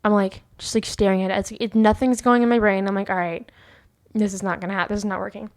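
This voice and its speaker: A woman's voice: medium pitch, steady tone, fast talker. Rambling woman hosting a faith podcast. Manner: rambling storytelling with many fillers and restarts. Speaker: podcast host. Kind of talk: personal faith podcast monologue.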